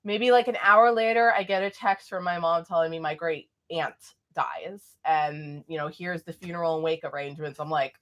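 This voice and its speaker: A woman's voice: deep voice, moderate pace, hardly any pauses, a bit bright. Young woman vlogger rambling thru a storytime, lots of ums and likes, chatty. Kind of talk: casual storytime vlog.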